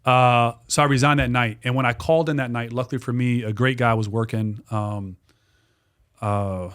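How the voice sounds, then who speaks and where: A man in his forties, a guest on a podcast, telling a story in a casual, animated way with lots of restarts and some swearing. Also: medium pitch, moderate pace, clean tone. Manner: animated, repetitive, swears freely. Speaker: guest, dog trainer and business owner.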